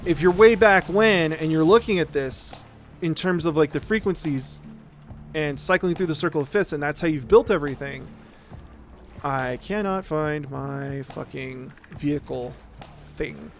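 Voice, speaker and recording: A man's voice: fairly high pitch, measured pace. A male streamer explaining music theory in a rambling, casual way while playing a game, often checking in with "right?". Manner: rambling, repeats words, says "right?" often.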